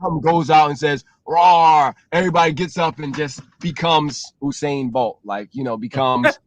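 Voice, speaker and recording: Animated male co-host, a touch high, dry close sound, explains with energy. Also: normal speed, no echo. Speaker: co-host, relationship talk. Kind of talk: casual live-stream chat.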